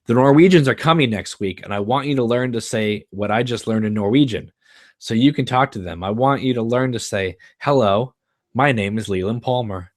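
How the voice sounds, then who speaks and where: A man's voice: dry recording, studio quality, natural voice. A man reading a screenplay aloud live and voicing a middle-aged father who clowns around in a big giant voice. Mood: eager. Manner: boomy and drawn-out, much higher and louder than his own voice. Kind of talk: live screenplay read-through.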